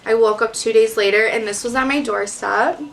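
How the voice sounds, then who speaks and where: A woman's voice: a little high, fairly even intonation, normal speed, creaky, a bit bright, recorded from a distance, a little hiss or hum. A young woman from the Detroit area, chatting casually about makeup in a bubbly way, full of "like" fillers. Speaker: beauty vlogger. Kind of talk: casual makeup chat to camera. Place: at home, in front of a mirror.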